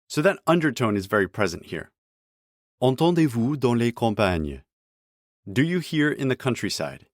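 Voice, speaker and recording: A man calmly explaining text line by line as a language teacher, in scripted narration with careful, clear pronunciation of examples. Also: mid-range voice, no echo, clean studio sound.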